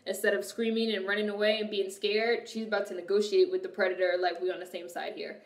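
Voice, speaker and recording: A young woman streaming and chatting casually with her viewers, telling animated stories full of swearing. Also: medium pitch, quick pace. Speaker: streamer reacting to a movie and reading chat. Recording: echoey room.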